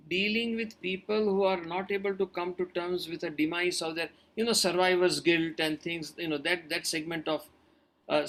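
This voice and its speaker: Bright, high-voiced man giving earnest advice. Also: vocal fry. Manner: earnest, advising, repeats key points. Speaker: doctor answering webinar questions. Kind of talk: webinar talk with audience questions.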